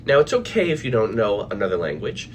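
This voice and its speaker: Animated chatty man, lively pitch. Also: fast talker, background noise. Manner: animated, chatty, many restarts and fillers. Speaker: anxiety relief coach. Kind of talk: casual live video chat. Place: his office.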